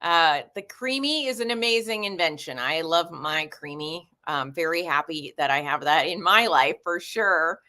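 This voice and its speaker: A woman's voice: sits low, normal speed, few pauses, sharp tone. A woman in her forties hosting a casual livestream, chatting and reading viewer comments aloud. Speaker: livestream host.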